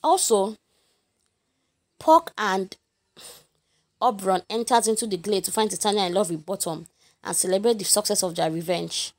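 Her mid-range voice keeps a moderate pace and pauses often. A young Nigerian-accented literature teacher, she summarizes a lesson in a chatty, animated way, talking straight to her listeners.

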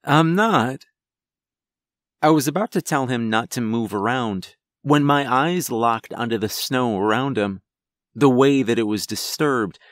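A man narrating a first-person horror story in a measured storytelling manner. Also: medium pitch, dry recording, studio quality.

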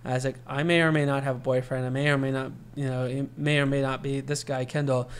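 A man's voice: mid-range voice, flat delivery, fast talker, clean tone. Chatty man telling a long story. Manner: long-winded, acts out quoted voices. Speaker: podcast co-host. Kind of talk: casual storytelling chat.

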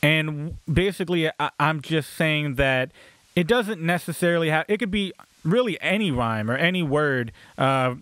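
Smooth-voiced man explaining casually. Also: on the high side, expressive, normal speed, a bit bright, no room sound. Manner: explanatory, casual, many fillers and restarts. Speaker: music instructor. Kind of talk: recorded lecture on rhyme.

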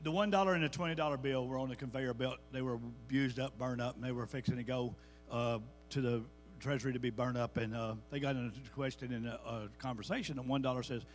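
A man's voice: medium pitch, fairly quick, faint music behind. A man giving a folksy, fervent church testimony. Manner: folksy storytelling, builds to fervent emphasis. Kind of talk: sermon testimony. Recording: reverberant church hall.

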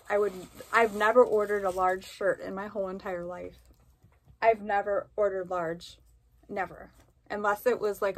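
A woman's voice: medium pitch, low-quality recording. A woman vlogger chatting casually as she tries on clothes for a review, rambling and joking at her own expense. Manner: chatty, rambling, jokey and self-deprecating. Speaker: fashion vlogger.

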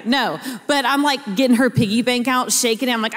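A woman's voice: high-pitched, moderate pace, hardly any pauses, fairly bright tone. A woman, preaching a sermon and telling stories in a chatty way. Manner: chatty storyteller, addresses the congregation as y'all. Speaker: pastor. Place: large church auditorium. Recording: long church hall reverb.

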